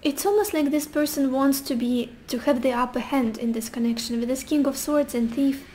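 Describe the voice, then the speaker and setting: A woman's voice: high voice, normal speed, hardly any pauses, mellow, slight background noise. A young woman giving a casual tarot reading, musing intuitively with sassy asides. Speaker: tarot reader.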